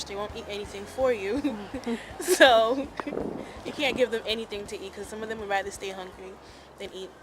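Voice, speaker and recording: A young woman chatting casually and telling of her own experience, full of fillers like "like" and "um". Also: mid-range voice. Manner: chatty, lots of "like" and "um". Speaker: interviewee. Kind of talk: casual personal account. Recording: music playing underneath.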